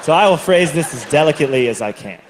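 A man doing a stand-up comedy set, telling stories in an animated way and acting out other people's voices, recorded live on stage. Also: a little high, fast. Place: comedy stage with a laughing audience. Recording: live show with audible audience noise.

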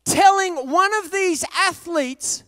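An Australian man preaching a sermon, telling a self-mocking story with animated delivery and sudden shouted bits. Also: very high-pitched, slow pace, dry recording.

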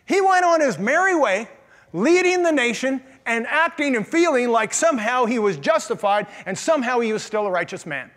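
A man's voice: very high-pitched, lively intonation, normal speed, fairly bright tone. A man preaching a sermon as pastor, asking the congregation questions in a conversational way. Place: church.

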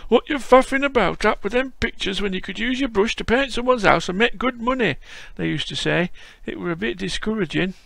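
A man putting on the voice of a very old, frail, friendly man with a Yorkshire accent, speaking in slow homely dialect. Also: sits high, vocal fry, fairly bright tone, dry recording, pitched above the performer's own voice. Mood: reminiscing.

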